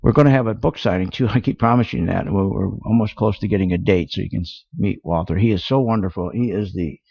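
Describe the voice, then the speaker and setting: A man's voice: lowish voice, fast talker, vocal fry, slightly rough, no room sound. A man hosting a radio talk show, ranting indignantly with rhetorical questions, heard through a dull lo-fi radio sound. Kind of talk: opinionated radio talk on markets.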